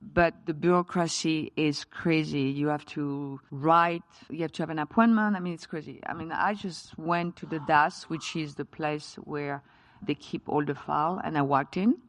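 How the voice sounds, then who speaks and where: A woman's voice: deep voice, steady tone, normal speed. Passionate woman with a French accent. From France. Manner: passionate, emphatic, with non-native grammar. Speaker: chef, interview guest. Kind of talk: live on-stage interview. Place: stage at a live event.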